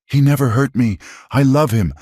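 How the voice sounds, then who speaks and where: A man's voice: moderate pace, darkish tone, no echo, natural voice. Male narrator puts on a desperate woman, crying out for the truth, dry booth sound. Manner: high-pitched cries. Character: adult woman, desperate and pleading.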